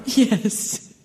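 A young woman playing a frightened young woman facing death in a radio drama, soft and halting. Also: big-room sound.

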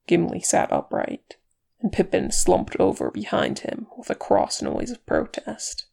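A narrator reads a fantasy chapter aloud in an even storytelling manner. The voice is heavily gravelly and the pace slow and steady. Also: medium pitch. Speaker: audiobook reader. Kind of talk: fan fiction narration.

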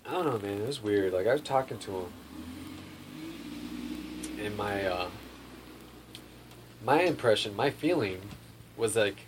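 A man's voice: lowish voice, expressive, measured pace, long pauses. A young man telling a rambling personal story in casual chat. He fills his talk with "like" and swearing and laughs often. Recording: faint background noise.

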